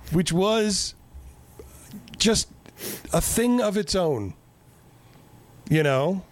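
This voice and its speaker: A man's voice: high-pitched, expressive, extremely slow. A man with a slightly raised voice recaps a film in loose, rambling chat. He jokes often and swears freely. His delivery is casual and full of restarts. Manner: rambling, profane, joking storytelling.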